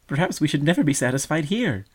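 Male reader as sweet young sister bird: gentle, wistful, high. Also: big pitch swings, fast talker, breathy edge. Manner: soft, wistful, trusting.

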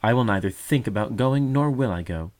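Doubter brother bird: defiant, scoffing, high — male narrator. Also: lively intonation, a little fast, darkish tone, natural voice. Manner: scoffing, agitated, anguished.

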